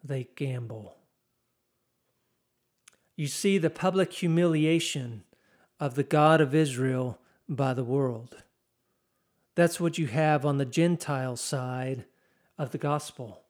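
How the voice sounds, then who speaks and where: A man delivering a sermon at a slow, deliberate pace, his voice sitting a little high. He reads scripture dramatically, building intensity as he goes. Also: darkish tone. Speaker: preacher.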